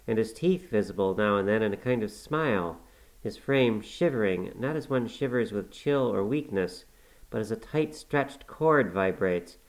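A man reads a classic novel aloud at a measured, unhurried pace. His voice sits on the low side and slows for descriptive passages. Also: low-quality recording. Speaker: audiobook narrator.

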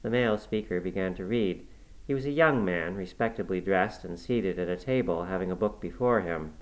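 A man's voice: low voice, normal speed, low-quality recording. Man reading a classic novel aloud. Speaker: audiobook narrator. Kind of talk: first-person literary narration.

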